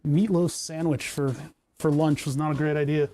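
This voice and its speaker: A man's voice: a little high, steady tone, moderate pace, dark tone, a little hiss or hum. A man chatting casually while tinkering in his workshop, rambling and self-amused, recorded on a lapel microphone. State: hiccuping. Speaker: maker streaming a workshop project. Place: indoor workshop.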